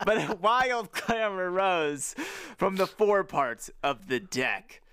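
A man's voice: high-pitched, very animated, slow, few pauses, sharp tone, smooth, dry recording. A man co-hosting a casual podcast, reading a book aloud with jokey asides and big put-on voices. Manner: jokey, goes big on voices and sound effects. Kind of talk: casual chat and playful read-aloud.

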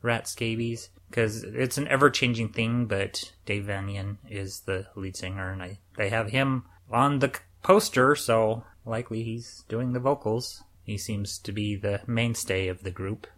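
A man's voice: on the low side, measured pace, hardly any pauses, a bit bright. A man co-hosting a casual podcast, chatting in a rambling, jokey way. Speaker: podcast co-host. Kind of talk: casual chat.

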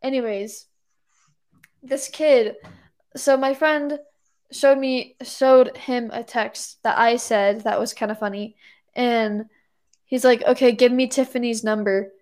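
A woman's voice: a little high, steady tone, slow, long pauses, darkish tone. A woman telling a story in casual chat, rambling and full of "like" and "anyways".

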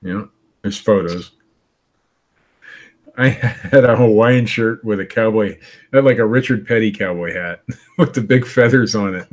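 A man's voice: on the low side, measured pace, pauses often. A man in his fifties co-hosting a podcast, bantering stubbornly and laughing often. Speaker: podcast co-host. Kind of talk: casual banter.

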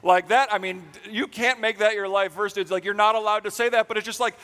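Young male pastor, high voice, casual jokey sermon, long church-hall reverb. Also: steady tone, fast, bright, forceful tone. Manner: casual, jokey, heavy use of "like". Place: church sanctuary.

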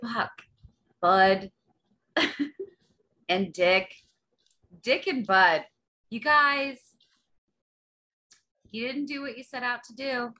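A woman's voice: a little high, extremely slow, long pauses, sharp tone. A young woman co-hosting a podcast, blunt, sarcastic and swearing, a bit tipsy. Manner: blunt, profane, sarcastic, teasing. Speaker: podcast co-host. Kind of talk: casual chat.

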